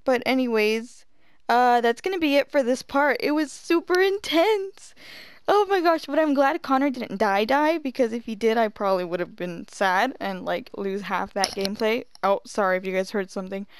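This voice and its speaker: A young woman giving excitable let's-play commentary, gasping and repeating herself. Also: a little high, moderate pace, clean tone, no echo. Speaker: gaming streamer.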